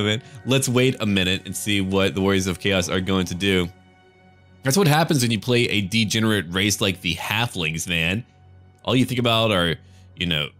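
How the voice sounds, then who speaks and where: An American man giving relaxed, jokey commentary over a strategy game as he plays, chatty and swearing casually. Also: fairly low pitch. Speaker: gaming let's-play host.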